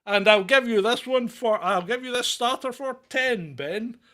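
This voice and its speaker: Casting: high, bright British man, irreverent comedy co-host, mocking and sarcastic, laughs a lot. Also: normal speed. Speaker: podcast co-host. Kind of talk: casual comedic chat.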